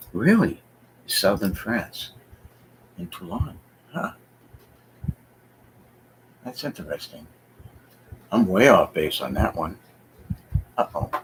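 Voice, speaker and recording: A deep-voiced man talking loosely on a home live stream, stopping often to search for words and second-guess himself. A faint hum sits behind his voice. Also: gravelly, poor audio. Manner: rambling, hesitant, thinking aloud with many fillers. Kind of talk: casual live-stream chat. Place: home basement.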